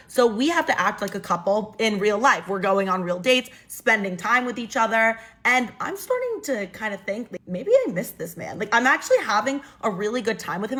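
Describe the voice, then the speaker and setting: Chatty woman telling a storytime. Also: mid-range voice. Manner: chatty, animated, many "like" fillers. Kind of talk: casual storytime.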